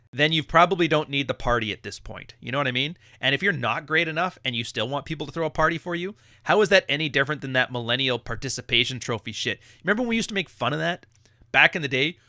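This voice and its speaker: A man's voice: a little high, sharp tone, dry recording, studio quality. A man hosting a live podcast, ranting bluntly with lots of swearing and laughter. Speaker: podcast host.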